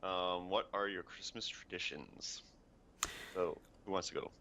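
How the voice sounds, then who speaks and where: A man co-hosting a casual podcast over an online call, laid-back, quick to laugh, and swearing casually. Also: low-pitched, creaky, pushed and bright, muffled recording, a little hiss or hum. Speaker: podcast co-host. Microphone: online call headset or desk mic.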